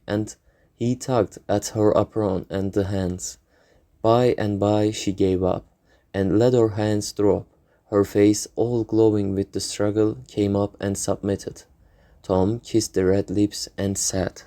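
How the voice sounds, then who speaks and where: Low-voiced man reading a novel aloud. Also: steady tone, warm tone. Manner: halting, with hums between phrases. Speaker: audiobook reader.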